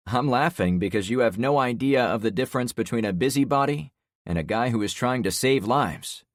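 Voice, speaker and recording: A man voicing a steady male survivor hero who answers with level, dry retorts. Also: medium pitch, a little fast, no room sound, voice pushed up, close to an everyday voice. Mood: defiant.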